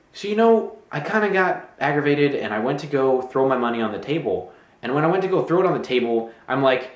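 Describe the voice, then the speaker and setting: A man telling a casual, rambling story as he shows a money magic trick, acting out his own thoughts. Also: on the high side. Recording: echoey room.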